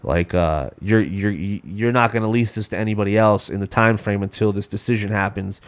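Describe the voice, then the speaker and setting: A man's voice: lowish voice, brisk. A man ranting in casual podcast talk, stumbling over his words and restarting often. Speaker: podcast guest. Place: home studio.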